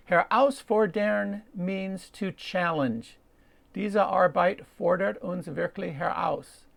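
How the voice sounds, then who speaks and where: A man's voice: fairly high pitch, gravelly. An older man, a native English speaker, teaching vocabulary in a wry, self-deprecating, methodical way. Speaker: language learner and teacher. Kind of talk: explanatory video lesson.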